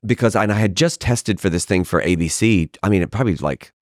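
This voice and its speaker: A middle-aged male actor guesting on a podcast, telling stories in a lively, casual way and acting out what other people said. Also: on the low side, fast, dry recording, clean studio sound. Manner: animated storyteller who acts out quoted voices. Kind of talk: casual anecdotal storytelling. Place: podcast studio.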